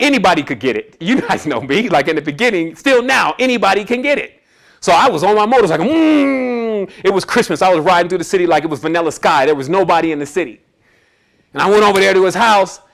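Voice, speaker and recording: High-voiced man telling a personal story. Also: expressive, fairly quick, creaky, fairly bright tone. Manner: casual and streetwise, acts out quoted voices. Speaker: spiritual presenter. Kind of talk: personal storytelling talk to an audience.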